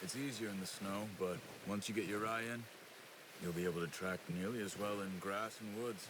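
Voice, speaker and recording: An actor playing a patient middle-aged hunter in a video game, giving low, steady instructions. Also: male voice, brisk, noisy background, lightly acted. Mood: calm. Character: calm middle-aged male hunter and guide, patient teacher. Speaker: game character.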